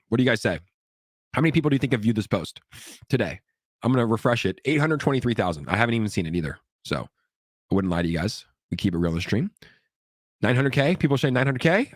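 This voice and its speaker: A man's voice: medium pitch, no echo, clean studio sound. A man hosting a casual crypto livestream, upbeat and hyped as he reads viewer comments, sick and coughing now and then. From California.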